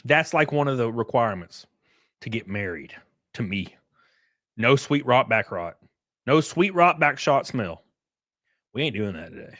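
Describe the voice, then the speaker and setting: A man's voice: medium pitch, big pitch swings, measured pace, pauses often, a bit bright, dry recording, studio quality. A man streaming live, giving casual, profane reaction commentary and acting out quotes as he tells stories.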